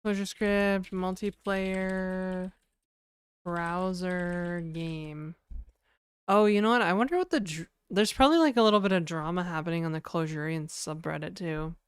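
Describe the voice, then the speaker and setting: A woman streamer talking casually to her chat, full of "like" and "you know". Her voice is low-set and smooth, recorded close and dry with no room sound. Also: quick pace, hardly any pauses, dry recording. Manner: chatty, reads chat aloud, frequent fillers.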